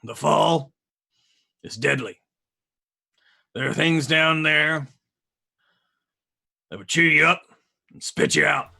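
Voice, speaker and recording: A man's voice: fairly high pitch, takes it slowly, vocal fry, pauses often, sharp tone, voice pushed up, heavily acted. A man doing a grave city official giving warnings. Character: stern male city official addressing volunteers.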